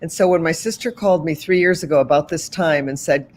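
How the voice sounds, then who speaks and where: A woman's voice: sits low, fast, a little mellow, slight background noise. A woman in her sixties from the Boston area, telling a long story as an interview guest, with many asides and restarts.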